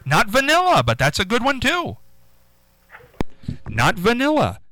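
A man hosting a live radio call-in quiz, with an upbeat, sing-song way of answering callers and a throat going hoarse. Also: very high-pitched, brisk, slight background noise, poor audio. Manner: lively, upbeat, sing-song when rejecting guesses. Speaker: radio call-in show host. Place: radio studio.

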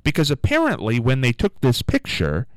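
A man hosting a radio show, telling a rambling story with animated asides in a casual on-air monologue. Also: mid-range voice, normal speed, no echo, low-quality recording.

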